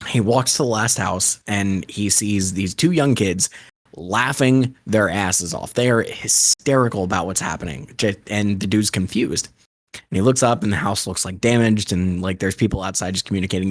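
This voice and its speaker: A man's voice: lowish voice, normal speed. A young man co-hosting a podcast, telling a long joke in a rambling, profane, laid-back way. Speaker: podcast co-host. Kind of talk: casual joke storytelling.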